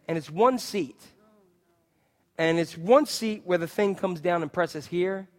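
A man in his forties preaching a sermon, who tells a funny personal story, acts out screams and voices, and then turns it into a lesson. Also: on the high side. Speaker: pastor. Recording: long hall reverb.

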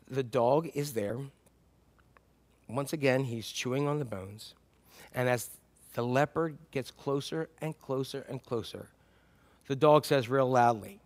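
A male pastor telling stories in a sermon, acting out the animals in the tale. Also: medium pitch. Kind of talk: sermon storytelling.

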